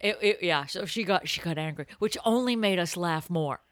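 A woman co-hosting a casual podcast, reading advice letters aloud and telling stories with animated, laugh-filled delivery. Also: on the low side, normal speed, no echo, clean studio sound. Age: adult. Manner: animated, bursts into laughter and acted-out quotes. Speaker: podcast co-host.

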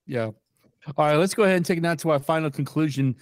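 A man's voice: a little high, fast talker, no echo, clean studio sound. A man co-hosting a casual movie podcast, often repeating words as he starts a sentence. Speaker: podcast co-host.

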